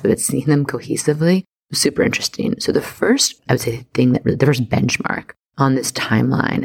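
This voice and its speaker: A woman's voice: extremely low pitch, vocal fry, husky. A woman hosting an astrology podcast, talking in a bubbly, chatty way full of slang. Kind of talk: casual solo podcast monologue.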